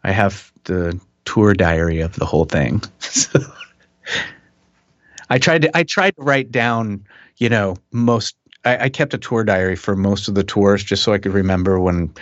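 A middle-aged man, a musician guest, telling stories in a relaxed, chuckling way with many restarts. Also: lowish voice, unhurried, no echo. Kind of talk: casual interview chat. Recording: dull dry podcast audio.

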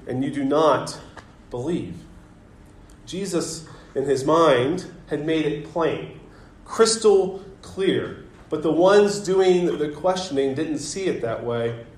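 A man in his thirties preaching a sermon as pastor, telling a family story in a relaxed, conversational way with gentle self-deprecating humor. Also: fairly high pitch, a little hiss or hum. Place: church sanctuary. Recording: echoey church sanctuary.

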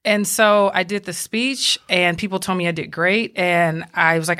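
A young adult woman with a Southern accent, a police officer telling her story in a casual interview, animated and quick to laugh. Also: on the low side. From Georgia, US. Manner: animated, talks with her hands, laughs often.

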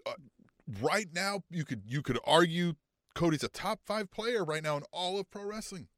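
Animated high-voiced podcast man. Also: moderate pace, no echo, clean studio sound. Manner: animated, swears often, acts out quotes in mocking high voices. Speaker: podcast co-host. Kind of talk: casual wrestling podcast chat.

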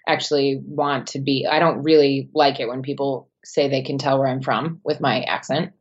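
A woman with a softened American Wisconsin accent, talking casually as a podcast guest with low, unsung intonation. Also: steady tone, moderate pace, breathy edge, highs cut off. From Wisconsin, United States. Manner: low, not sing-songy intonation. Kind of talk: casual conversation.

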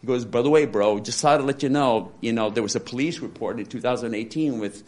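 A man in his sixties giving a candid, rambling personal testimony with dark humor, often restarting his sentences. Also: medium pitch, fast talker. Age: 60s. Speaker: interviewee. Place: support center.

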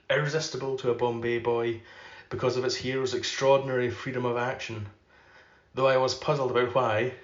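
A man hosting a podcast, giving a measured literary reading and chatting loosely between readings. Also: medium pitch. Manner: measured, unhurried reading; loose and filler-heavy when chatting. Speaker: podcast host reading aloud. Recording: roomy, slightly dull recording.

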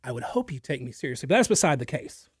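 A man's voice: mid-range voice, big pitch swings, quick pace, slightly rough, dry recording, studio quality. A male radio talk show host giving an emphatic, opinionated political monologue straight to his listeners, with the odd filler and repeated word. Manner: occasional filler and repeated words. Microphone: studio microphone.

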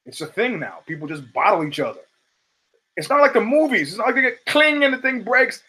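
A man's voice: very high-pitched, fairly quick, husky, low-quality recording. A man from the United States hosting a show, telling stories in a casual, profane monologue and acting out the people he quotes. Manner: profane, animated storyteller who acts out quotes. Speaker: show host.

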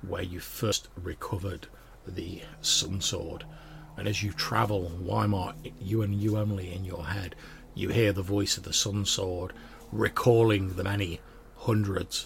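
Gravelly, low-voiced game master. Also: male voice, pushed and bright, a little hiss or hum. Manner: loose, filler-heavy narration. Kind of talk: narrating a tabletop game.

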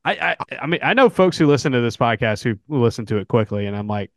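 A man with a middle-pitched voice co-hosts a sports podcast in relaxed, slow-paced chat. His sound is dry and close, with nothing of the room around it. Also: no echo. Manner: slow-spoken, easygoing. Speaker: podcast co-host. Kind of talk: casual chat.

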